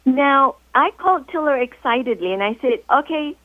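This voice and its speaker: A woman with a somewhat high voice calls in to a radio interview and tells her story as a guest author. She explains at a measured, deliberate pace. The sound is thin and phone-like, with no room echo at all. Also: lively intonation. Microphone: telephone. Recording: tinny phone line, dry.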